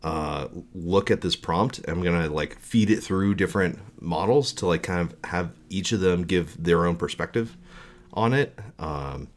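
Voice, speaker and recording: Deep-voiced man rambling on a live stream. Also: unhurried. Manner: rambling, full of fillers and restarts. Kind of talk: casual live-stream talk.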